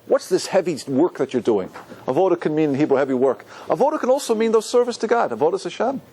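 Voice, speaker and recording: A man's voice: fairly high pitch, sing-song, quick pace, mellow, husky. A man teaching a Torah class as a rabbi, quizzing his students and quoting Hebrew verses.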